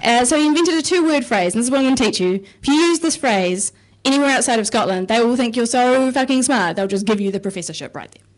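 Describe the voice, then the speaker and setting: A woman's voice: a little high, animated, fast, hardly any pauses. A woman performing a self-mocking stand-up set on a comedy club stage, chatty and casually swearing. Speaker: stand-up comic and researcher.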